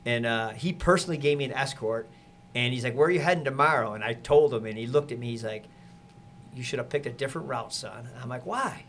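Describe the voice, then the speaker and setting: A man, a podcast guest, telling a lively story in casual conversation and acting out the people he quotes. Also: medium pitch, quick pace, slight background noise. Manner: animated, acts out quotes with laughter.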